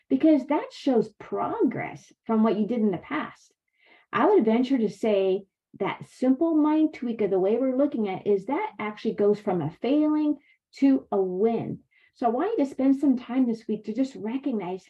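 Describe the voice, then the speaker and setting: A woman's voice: fairly high pitch, animated, normal speed. A middle-aged woman giving a faith-based motivational wellness talk, speaking straight to her viewers. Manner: faith-based, encouraging, addresses viewers as "you guys". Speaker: wellness coach. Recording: slightly dull lo-fi sound.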